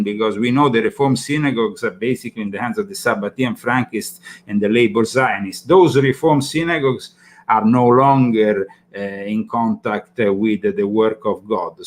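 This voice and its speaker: A man with an Italian accent hosting a talk show, speaking in halting sentences full of fillers and repeated words. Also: mid-range voice. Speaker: host. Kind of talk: casual talk-show commentary.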